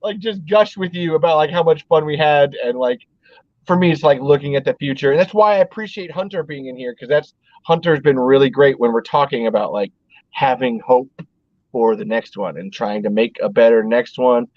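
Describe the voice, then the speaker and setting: A man's voice: medium pitch, a little fast, dry recording, muffled recording. A man hosting a casual podcast chat, rambling with lots of "like" and frequent swearing. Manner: rambling, swears a lot, heavy use of "like". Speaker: podcast host.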